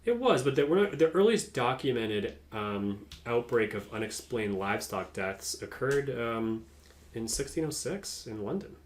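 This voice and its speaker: A man's voice: medium pitch, very animated, normal speed. A man co-hosting a podcast, explaining a topic in casual chat, hesitant and full of ums. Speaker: podcast co-host.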